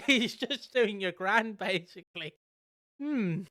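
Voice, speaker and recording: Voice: mid-range voice, normal speed, a bit bright, clear, resonant tone, no room sound. A co-host chatting casually, giggly and mocking, often acting out silly quoted voices. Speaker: podcast co-host. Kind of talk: casual chat reviewing a soap opera.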